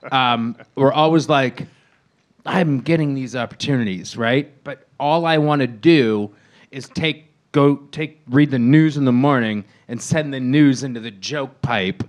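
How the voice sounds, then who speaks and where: A man's voice: mid-range voice, measured pace. A middle-aged man as a podcast guest, easygoing and dry, tossing in jokey asides during casual chat.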